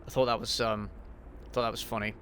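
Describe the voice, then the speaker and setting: Sweary, blunt man with a bright voice. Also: on the low side, flat delivery, fairly quick, gravelly, slight background noise. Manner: blunt, sweary, hesitant with frequent ums and restarts. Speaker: YouTube channel host answering viewer questions. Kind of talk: casual livestream Q&A while gaming.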